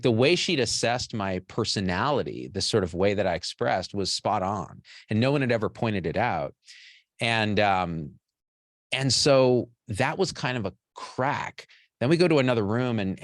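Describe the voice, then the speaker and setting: A man's voice: fairly low pitch, fairly bright tone, dry recording, clean studio sound. A man in his forties, a physician and show host, telling a personal story to an audience in a candid, rambling and profane way. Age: 40s.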